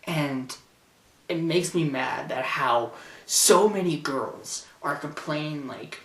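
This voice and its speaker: A man's voice: fairly high pitch, takes it slowly, fairly bright tone, reverberant, recorded from a distance. A teenage boy ranting sarcastically and indignantly into a camcorder in his bedroom. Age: teens. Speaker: vlogger. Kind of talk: ranting vlog. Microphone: camcorder mic.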